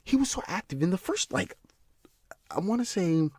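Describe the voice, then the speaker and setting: A man's voice: high voice, very animated, moderate pace, darkish tone, slight background noise. A man hosting a solo commentary podcast, ranting heatedly and with profanity, often repeating words and restarting sentences out of frustration. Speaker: podcast host.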